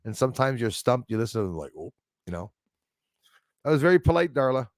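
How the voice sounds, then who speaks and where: A man's voice: medium pitch, very animated, fast talker, no room sound, studio quality. A man hosting a live stream, reading viewer comments aloud and rambling in casual, loose chat, laughing often and trailing off mid-thought. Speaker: livestream host reading chat.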